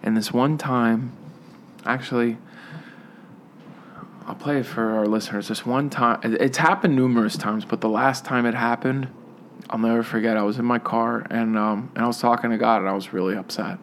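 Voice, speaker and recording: A man co-hosting a casual podcast, telling stories with halting restarts. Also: mid-range voice, fairly even intonation, fairly bright tone, slight background noise. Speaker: podcast co-host. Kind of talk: casual chat.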